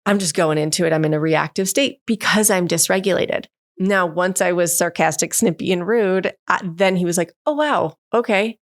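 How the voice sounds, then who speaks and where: A woman in her thirties, a guest expert, telling stories in an animated way in a podcast interview and acting out the voices she quotes. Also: on the low side, normal speed, no room sound, studio quality. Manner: animated storyteller who acts out quoted voices. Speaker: guest expert on emotional development.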